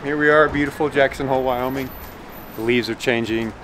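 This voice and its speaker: A man's voice: medium pitch, steady tone, a little fast, background noise. A man joining his brother's vlog, chatting casually with lots of hesitations. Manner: hesitant, many fillers. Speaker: vlog guest, brother of host. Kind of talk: casual outdoor vlog chat.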